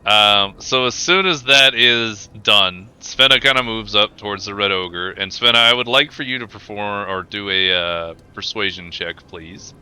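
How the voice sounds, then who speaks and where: A man's voice: lowish voice, a little slow, few pauses, bright, forceful tone, clear, resonant tone. A man running a tabletop game as game master, narrating casually with lots of fillers.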